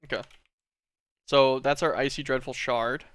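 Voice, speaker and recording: A man streaming a game, thinking aloud in relaxed, rambling commentary. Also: medium pitch, unhurried, no room sound, studio quality.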